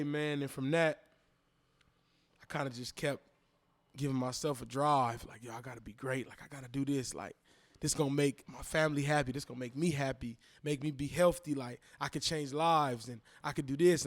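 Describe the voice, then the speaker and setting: Podcast guest, man in his 30s, slightly high voice, lively storyteller who acts out quotes. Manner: animated, acts out quoted voices, repeats phrases. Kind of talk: casual storytelling interview.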